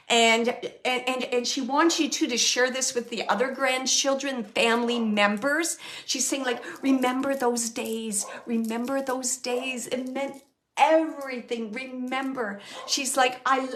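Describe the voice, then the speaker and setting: Soft-spoken woman medium giving a reading. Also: a little high. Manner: gentle, relays spirit messages, often pauses to thank the spirit. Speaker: psychic medium and show host.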